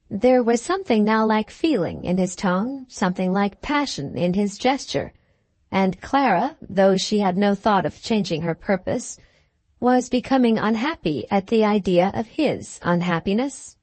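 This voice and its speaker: A woman's voice: medium pitch, expressive, a little slow, darkish tone, no room sound. Woman narrating a classic novel. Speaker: audiobook narrator. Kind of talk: scripted audiobook narration.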